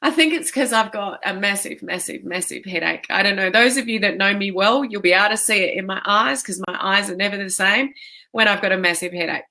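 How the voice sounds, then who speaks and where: A woman's voice: medium pitch, brisk, bright, forceful tone. A woman coach chatting live with viewers, emotional and tearful from a migraine, greeting people by name. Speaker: online fitness coach. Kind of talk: live video chat with viewers.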